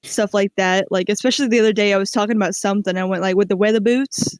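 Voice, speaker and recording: Midwestern podcast cohost, rambling casual chatter, mid pitch, dry close mic. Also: steady tone, very fast, clear, resonant tone, no echo. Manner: rambling, many fillers and restarts. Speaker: let's-play podcast cohost. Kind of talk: casual chat.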